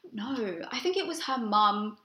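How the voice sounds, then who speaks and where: Bright, echoey woman telling stories. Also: on the high side, moderate pace. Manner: storytelling, swears freely, animated when excited. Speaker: podcast co-host. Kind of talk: casual chat. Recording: roomy echo.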